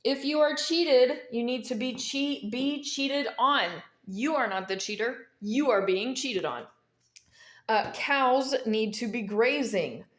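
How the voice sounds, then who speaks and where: A woman's voice: on the high side, expressive, slow pace. A woman talking straight to camera, explaining things emphatically and repeating her key points, with a mint in her mouth. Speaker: vlogger explaining dream omens. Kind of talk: casual instructional monologue. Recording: echoey room.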